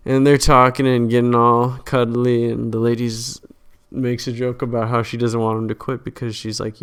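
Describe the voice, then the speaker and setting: A man's voice: mid-range voice, level tone, measured pace, vocal fry. A man casually recapping a film's plot in a rambling way, full of fillers and restarts. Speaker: channel host summarizing a film.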